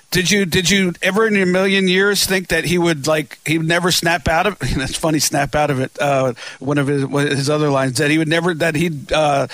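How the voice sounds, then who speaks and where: A man's voice: on the high side, fairly bright tone, no room sound. A man hosting an interview, asking long, rambling questions with many restarts. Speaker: podcast host. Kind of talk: casual interview.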